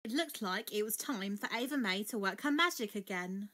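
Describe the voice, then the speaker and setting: A woman with a medium-pitched voice performs a children's book as an expressive read-aloud, speaking at normal speed.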